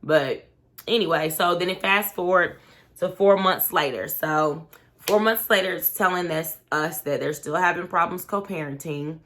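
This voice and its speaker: A young woman with a low but bright voice, talking through a reality show episode in a relaxed, chatty way. She keeps slipping into the quotes, playing out each line the people said. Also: moderate pace. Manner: chatty, retells scenes by acting out quotes. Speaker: reality TV commentator and show host. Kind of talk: casual recap commentary.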